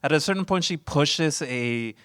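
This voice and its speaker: A man's voice: on the high side, lively intonation, moderate pace, a bit bright, clean tone. A man chatting casually on a podcast, telling stories playfully with slang. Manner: playful, slangy, enthusiastic storytelling. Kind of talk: casual chat.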